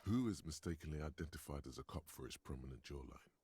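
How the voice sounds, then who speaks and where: A gravelly, very deep game narrator. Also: male voice, lively intonation, quick pace, darkish tone. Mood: wry. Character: deep-voiced male game narrator, wry and knowing. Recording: game audio with faint music behind.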